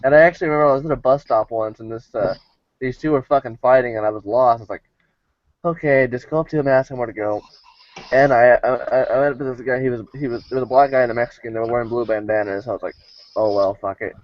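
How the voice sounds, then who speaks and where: A man's voice: fast talker, no echo. Laid-back man, dry lo-fi sound. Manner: laid-back, swears freely, low-key storytelling. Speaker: podcast co-host. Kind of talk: casual chat.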